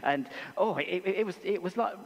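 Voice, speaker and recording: An English man delivers a sermon with animated storytelling. His voice sits high and swings widely in pitch. The sound rings with the long reverb of a church hall. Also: brisk, creaky, noisy background. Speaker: preacher.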